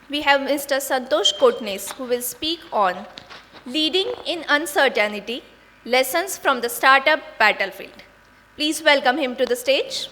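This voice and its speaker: Casual: woman announcer, high bright voice, long hall reverb, faint noise. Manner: measured, formal announcing. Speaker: event presenter. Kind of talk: scripted stage introduction. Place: large hall.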